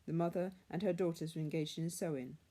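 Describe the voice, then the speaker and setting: A woman reading a classic story aloud in a measured, hushed manner. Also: deep voice, fairly even intonation. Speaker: reader.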